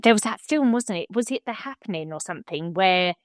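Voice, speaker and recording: A woman's voice: medium pitch, lively intonation, brisk, no echo, studio quality. A woman speaking as a podcast guest in a frank, blunt, matter-of-fact way. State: widowed, remarried. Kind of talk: frank conversational podcast talk.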